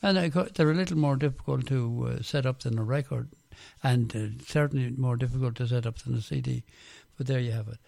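A man hosting a radio show, introducing records in a relaxed, chatty way with small restarts. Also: medium pitch, a little fast, vocal fry. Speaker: radio host. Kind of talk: casual radio DJ talk.

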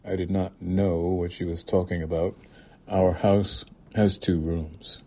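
A man reading a literary short story aloud in a calm, measured way. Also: low-pitched. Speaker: reader.

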